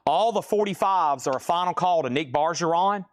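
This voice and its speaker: Male auctioneer, a bit higher pitched, fast patter, repetitive price calls. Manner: brisk, repeats prices, checks in with "okay?". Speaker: live auction host. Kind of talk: live-stream record auction patter.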